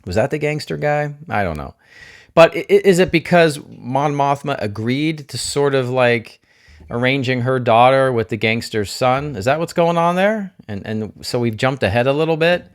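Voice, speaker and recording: A man with a mid-range, animated voice reviews a TV episode at a moderate pace, spoilers included. Casual and thinking aloud, he asks himself questions, slips in jokes, and gushes without restraint over his favorite scenes.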